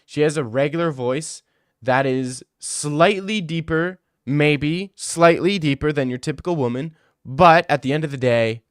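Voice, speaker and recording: A man's voice: fairly high pitch, a little slow, smooth, no room sound, clean studio sound. A young man streaming casually, answering viewer messages in a crude, rambling, joking way.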